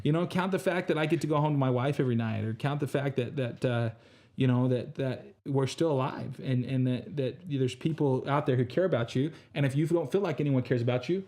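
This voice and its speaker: A man's voice: medium pitch, fairly quick, mellow. Earnest young man giving motivational talk. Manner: earnest, motivational, many fillers. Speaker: podcast co-host. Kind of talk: casual podcast chat. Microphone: earphones with podcast mic.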